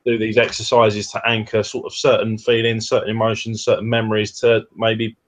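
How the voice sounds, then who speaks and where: A man's voice: on the low side, monotone, a little fast. A man co-hosting a casual webcast chat, explaining things step by step with hesitant fillers. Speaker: co-host, personal trainer.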